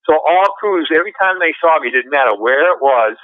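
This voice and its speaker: A man's voice: a little high, expressive, fairly quick, no echo. Man guest, casual rambling storyteller, phone-line sound, dry. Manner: rambling, many fillers and restarts.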